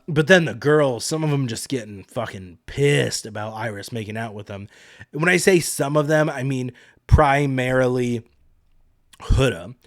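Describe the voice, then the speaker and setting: A young man talks through a reality-show week in a chatty, sarcastic podcast recap, often mimicking the people he quotes. His voice sits in a middle pitch. The sound is dry and close, with no room echo. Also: fairly bright tone. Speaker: podcast host.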